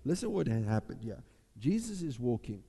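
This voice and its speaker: Animated preacher in an echoing church. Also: male voice, mid-range voice, moderate pace, vocal fry, slightly rough. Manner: animated preaching, acting out Bible voices. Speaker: pastor. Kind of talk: sermon. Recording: long hall reverb.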